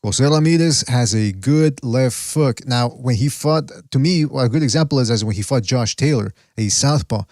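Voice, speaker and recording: A man's voice: mid-range voice, normal speed, few pauses, darkish tone, no echo, studio quality. A man hosting a casual podcast who rambles, loses track of names and restarts his sentences. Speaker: podcast host.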